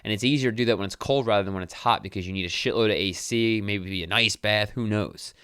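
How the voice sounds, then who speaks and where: A man's voice: lowish voice, fast, fairly bright tone, smooth, dry recording, studio quality. A young man hosting a casual solo podcast, rambling and correcting himself, swearing now and then. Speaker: podcast host.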